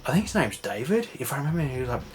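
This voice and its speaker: A man's voice: medium pitch, big pitch swings, rapid-fire, a little hiss or hum. A man rambling through a casual recap, full of fillers and swearing. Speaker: vlogger. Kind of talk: casual late-night recap chat.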